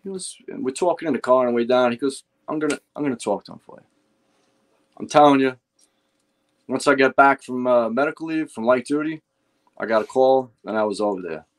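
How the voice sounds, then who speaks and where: An older man with a New York accent telling animated, profane stories of his firefighting days, acting out what others said. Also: medium pitch, a little fast. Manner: profane, animated anecdotes with acted-out quotes. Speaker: guest, retired fire lieutenant. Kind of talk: casual storytelling chat.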